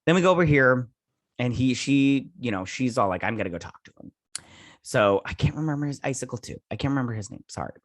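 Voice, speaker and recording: A man hosting a casual TV episode review, retelling scenes in a rambling, animated way with quick quoted character bits, recorded in a dry space. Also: mid-range voice, no echo. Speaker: show host reviewing a TV episode.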